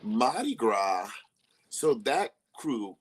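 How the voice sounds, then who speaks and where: A man's voice: mid-range voice, drawn-out words, slight background noise. A young man, a guest on a casual live-stream chat, telling stories with bursts of laughter. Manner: animated storyteller who laughs often and acts out quoted people. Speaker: interview guest.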